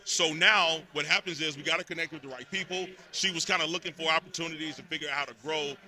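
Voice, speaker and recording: Bright-toned man from Texas, animated. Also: fairly high pitch, quick pace. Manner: animated storytelling, emphatic repetitions. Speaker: podcast network host, guest. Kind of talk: casual interview talk. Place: live party event.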